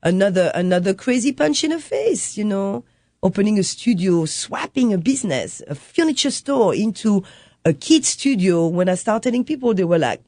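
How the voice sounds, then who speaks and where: A woman's voice: mid-range voice, sing-song, normal speed, dark tone, no room sound, clean studio sound. A woman, a coffee shop owner who speaks as a guest in a casual interview chat and acts out customers and her son as she tells stories. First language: French.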